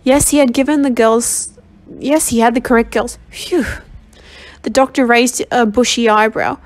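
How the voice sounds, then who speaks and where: A woman's voice: a little high, fairly even intonation. A woman reading a novel aloud as a volunteer, a little under the weather, stumbling and correcting herself as she goes. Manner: halting reading with frequent self-corrections. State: slightly ill and under the weather. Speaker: volunteer audiobook reader.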